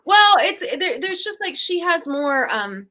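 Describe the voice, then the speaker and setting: A woman's voice: very high-pitched, sing-song, measured pace, bright, forceful tone. A young woman co-hosting a casual chat show, retelling fairy tales in a rambling, giggly way. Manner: chatty, rambling, giggly storytelling. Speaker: co-host.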